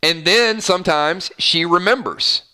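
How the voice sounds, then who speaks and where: A man hosting an online show, giving casual commentary on a TV episode with animated delivery and frequent stammered restarts. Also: high voice, measured pace. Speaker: YouTube show host.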